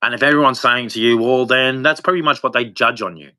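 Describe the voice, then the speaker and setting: Brief: man, livestream monologue, bright forward tone, halting, restarting, worn down. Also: mid-range voice. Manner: halting, rambling, with frequent restarts; weary and despondent. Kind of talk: unscripted personal monologue.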